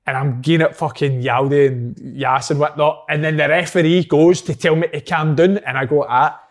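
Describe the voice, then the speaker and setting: A man's voice: fairly high pitch, steady tone, brisk. A Scottish man, a former footballer, telling blunt, sweary stories in casual chat. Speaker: former footballer, podcast guest.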